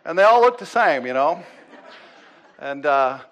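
A man preaching as a pastor, telling a story with lively acted-out quotes and swings between loud and hushed delivery. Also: fairly high pitch, measured pace. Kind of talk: sermon storytelling.

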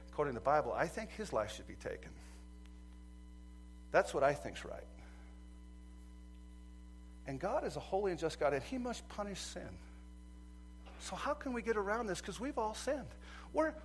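A man preaching a sermon as pastor, swinging from quiet asides to loud emphatic passages and acting out a courtroom story. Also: on the high side, slight background noise. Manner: acts out courtroom scenes in quoted voices.

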